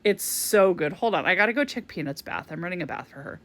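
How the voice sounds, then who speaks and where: A woman's voice: fairly low pitch, fast, dry recording. A woman vlogger ranting casually to the camera, swearing freely and breaking into frequent laughter. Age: adult parent. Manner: animated, swears a lot, laughs often. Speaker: vlogger reviewing a TV series. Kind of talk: unfiltered casual rant to camera.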